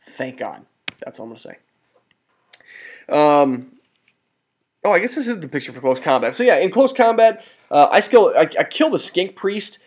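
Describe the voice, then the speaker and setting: A man casually narrating a tabletop wargame battle report over photos, rambling and excitable, often restarting and correcting himself. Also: a little high, moderate pace, long pauses, husky. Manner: mild cursing and exclamations.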